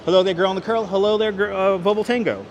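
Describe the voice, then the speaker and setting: A man's voice: high-pitched, steady tone, fast, slight background noise. A man hosting a walking city livestream, upbeat, greeting viewers by name as he reads the chat, on a clip-on mic. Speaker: livestream host. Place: city streets and a large indoor station hall. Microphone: wireless clip-on mic.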